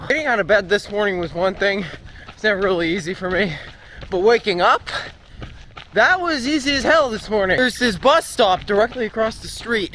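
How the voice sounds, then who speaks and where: A young man with a rather high voice chats freely to his handheld camera while jogging down the road. He talks casually, like a running diary. Faint outdoor noise and passing vehicles sit underneath his voice. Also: a bit bright. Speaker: vlogger training for a marathon.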